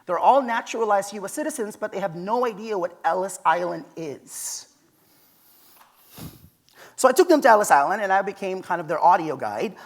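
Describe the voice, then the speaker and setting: A man's voice: sits high, lively intonation, moderate pace. Man giving a storytelling keynote. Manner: conversational storytelling, emphatic. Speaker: keynote speaker. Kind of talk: conference keynote with personal stories. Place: conference stage.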